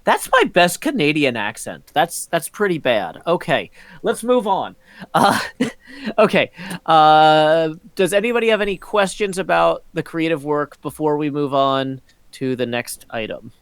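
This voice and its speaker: A man's voice: a little high, lively intonation, unhurried, smooth, dry recording. A middle-aged man hosting a community meeting over a voice call, rambling with lots of ums. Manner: rambling, frequent ums, breaks into laughs. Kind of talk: casual meeting chat. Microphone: computer mic on a voice call.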